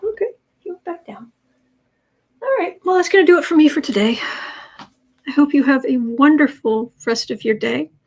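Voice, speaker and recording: Speaking fairly quickly, a tarot reader rambles casually through her daily livestream from home, with many fillers and restarted sentences. Her voice sits slightly high for a woman.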